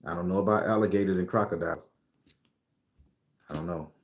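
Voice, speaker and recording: Speaking briskly in a low voice, a man delivers spiritual predictions with lots of laughter, swearing, and emphasis. The recording is reverberant, and the talk has the relaxed feel of a spiritual vlog.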